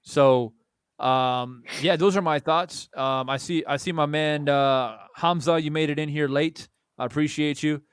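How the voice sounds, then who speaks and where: A fairly high-voiced young man hosts a boxing talk show from close to the mic in a dry room, with no echo. He tells stories in an animated way, restarts his sentences a lot and swears casually. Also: a little slow, clear, resonant tone. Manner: animated storytelling with many restarts and repeated words. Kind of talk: casual chat.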